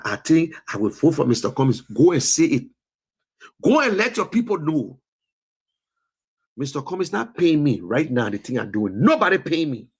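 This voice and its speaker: Liberian English male commentator, husky, higher-pitched, preachy political rant. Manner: preachy, rising to scolding peaks. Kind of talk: impassioned political talk show monologue. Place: lives in the US.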